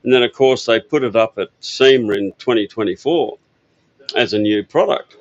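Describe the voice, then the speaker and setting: This older Australian man, whose voice sits on the low side at a normal speed, rambles easily through stories about his parts business, with plenty of fillers. It's casual interview storytelling at an outdoor expo stand, recorded with no room sound and the highs cut off.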